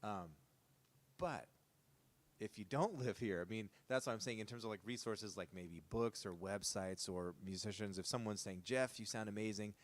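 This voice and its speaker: Man, low voice, interview host, casual, rambling questions. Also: normal speed. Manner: rambling, winding questions with asides.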